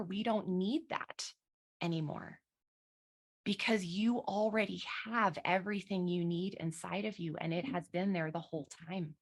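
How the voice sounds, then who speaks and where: A woman leads a guided meditation for an online session, her voice sitting a little low. She speaks slowly and gently, and drops the occasional frank swear word into the calm. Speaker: coach leading an online summit session. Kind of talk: guided visualization talk.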